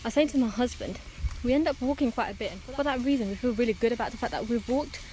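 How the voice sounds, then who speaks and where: A woman's voice: on the high side, fast talker, dark tone, rough recording. A woman narrating a casual travel vlog on her phone, chatty and rambling, full of asides. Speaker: travel vlogger. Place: outdoors on holiday, rainforest and streets. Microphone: phone camera. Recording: phone audio with outdoor noise.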